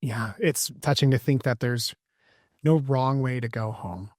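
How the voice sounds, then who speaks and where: Reflective podcast host, dry and close. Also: male voice, mid-range voice, a little slow, darkish tone, dry recording. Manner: reflective, building on the guest's story with lists. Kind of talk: casual chat.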